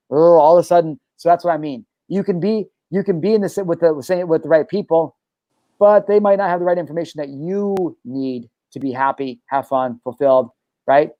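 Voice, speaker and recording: A man's voice: a little high, no echo, dull audio. A young adult man hosting a casual talk show, telling a personal story in a blunt, emphatic, profanity-laced way. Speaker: show host and life coach. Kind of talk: casual podcast conversation.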